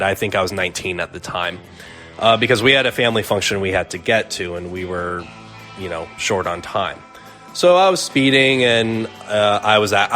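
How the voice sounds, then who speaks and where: A young man from Arizona telling a personal story in a relaxed, conversational way with lots of fillers. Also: lowish voice. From Arizona, USA. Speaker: storyteller guest. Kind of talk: casual storytelling.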